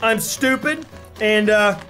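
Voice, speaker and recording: A man's voice: high-pitched, slow pace, bright, forceful tone, soft background music. A young man doing a ghost pepper chip challenge while playing a guessing game, coughing, eyes watering, yelping and pleading in a frantic, self-mocking way. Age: young adult. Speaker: YouTuber.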